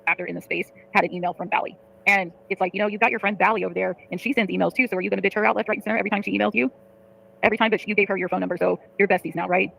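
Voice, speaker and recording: A woman streams live and vents to her viewers, cursing freely as she reads their comments. Her words rush out at a breakneck pace. A gravelly fry runs under her voice. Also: medium pitch, fairly even intonation, fairly bright tone, poor audio. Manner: rapid, profane, frustrated venting. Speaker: livestreamer. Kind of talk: venting to live chat.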